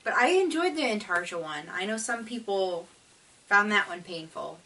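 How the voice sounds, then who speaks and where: A woman chats casually as the host of a knitting video podcast, rambling from one thought to the next with plenty of "um"s and "like"s. Her voice is bright and a little tense. She sits somewhat back from the mic. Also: medium pitch, expressive, moderate pace, distant mic, low-quality recording. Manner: chatty and rambling, with many fillers and laughs. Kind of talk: casual chat.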